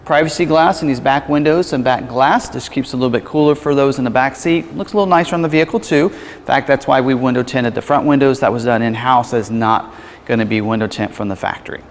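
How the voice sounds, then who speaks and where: A man's voice: mid-range voice, quick pace, in a large hall. A man working as a car salesperson gives a casual walkaround of a vehicle at a dealership, explaining its features with frequent fillers and self-corrections.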